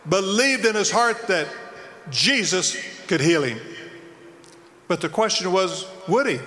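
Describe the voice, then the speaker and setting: A man's voice: high voice, sharp tone. A man preaching an evangelistic sermon, telling the story dramatically and acting out the quotes. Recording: long hall reverb, faint background noise.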